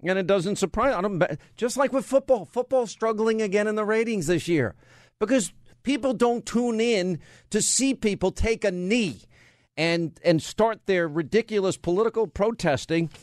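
A man's voice: high-pitched, moderate pace, no room sound. A man hosting a talk radio show, firing off rhetorical questions and bantering with his studio crew. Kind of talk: conservative talk radio monologue. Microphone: studio mic.

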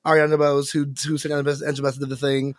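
A man's voice: mid-range voice, flat delivery, quick pace, no room sound. A man co-hosting a podcast, sassy and dramatic, full of playful slang. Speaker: podcast co-host. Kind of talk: casual chat.

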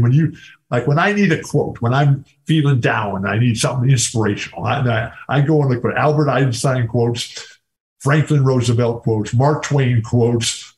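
Older American man, podcast guest, rambling and enthusiastic, mid-pitched voice. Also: darkish tone. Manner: rambling, enthusiastic, repeats words. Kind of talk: casual storytelling interview.

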